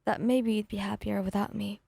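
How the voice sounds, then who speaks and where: A woman's voice: mid-range voice, fairly even intonation, fairly quick, creaky, dark tone, breathy edge, no room sound. Woman voicing a hesitant, strained young lover. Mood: tearful. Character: hurting, secretive young lover. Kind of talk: ASMR fanfic reading.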